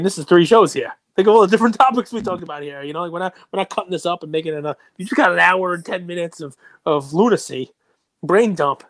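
Chatty host with a higher, dry voice. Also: male voice, dry recording. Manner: rambling, conversational, frequent fillers. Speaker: podcast host. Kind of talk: casual sports and trading-card chat.

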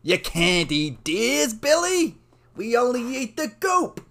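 A man doing a high, drawn-out voice of a scolding parent feeding a child in an improvised skit. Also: sing-song, gravelly, fairly bright tone, heavily acted.

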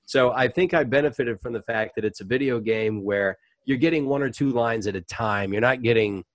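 A middle-aged man, a voice actor and comedian, telling anecdotes in a relaxed podcast interview with lots of ums and restarts. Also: mid-range voice, brisk, dry recording. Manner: animated, chatty anecdotes with frequent fillers. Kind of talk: casual interview storytelling.

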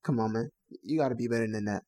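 A man's voice: mid-range voice, fast talker, warm tone. Blunt slangy young man chatting. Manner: blunt, slangy, repeats phrases. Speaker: podcast co-host. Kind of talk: casual podcast chat.

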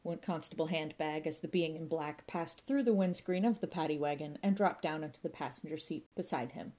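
A woman narrating a comic story in a lively, playful way, voicing sound effects as she reads. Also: sits low, brisk. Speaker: audiobook narrator.

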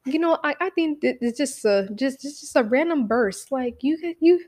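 A woman voicing a patronizing, chummy male school principal who lectures in a soothing tone with halting restarts. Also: high-pitched, animated, a little mellow, voice pushed up.

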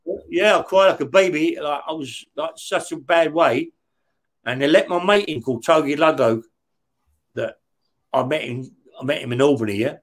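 A former prisoner from West London, guesting in an interview, tells his story in casual talk with a London accent, swearing often and checking in with "yeah?". His voice is on the high side and moves at a normal speed.

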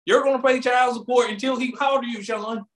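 A man's voice: very high voice, fairly even intonation, fast, a bit bright. A man co-hosting a casual talk show, joking and acting out little scenes. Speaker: radio show co-host. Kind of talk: casual podcast banter. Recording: roomy echo.

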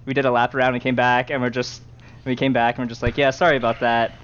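A man's voice: mid-range voice, completely flat delivery, fast, a bit bright, slight background noise. A man chatting casually on a podcast, spinning rambling stories from his past. His voice sits in an ordinary middle range. The sound is dull and lo-fi. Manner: rambling anecdotes with acted quotes. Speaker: podcast co-host. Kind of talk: casual chat, storytelling. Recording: dull lo-fi audio.

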